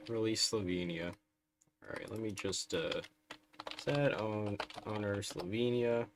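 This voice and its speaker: Man, low voice, unhurried drawl, wry live game commentary, keyboard clicks behind. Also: fairly even intonation, noisy background. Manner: wry, sarcastic, chatty. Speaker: streamer.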